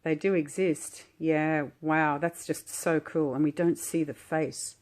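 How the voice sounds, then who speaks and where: A woman calmly unboxing a tarot deck while sitting on her floor, gushing and admiring each card at an unhurried pace. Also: low voice. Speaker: tarot vlogger. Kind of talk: relaxed unboxing commentary.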